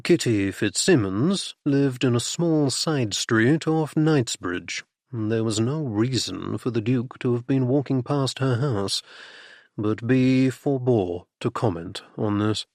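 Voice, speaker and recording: In a studio-quality recording with no room sound, a man reads scripted audiobook narration. His mid-range voice moves at a measured pace and brings expressive storytelling to the text.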